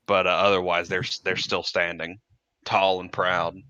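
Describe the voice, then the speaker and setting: A man running a tabletop game as game master, narrating with a halting delivery full of fillers. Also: low voice, little pitch movement, sharp tone, clear, resonant tone, no room sound, muffled recording. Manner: hesitant, many filler words.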